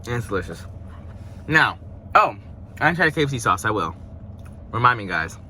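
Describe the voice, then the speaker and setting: A young man talking casually through a fast-food review from his parked car, rambling and playful. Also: mid-range voice, sing-song, sharp tone, a little hiss or hum. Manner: chatty, rambling, playful asides. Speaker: vlogger.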